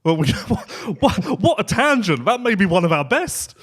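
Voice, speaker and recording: A man hosting a podcast, chatting casually and playfully and laughing easily. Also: sits high. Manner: animated, playful, quick to laugh. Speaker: podcast host.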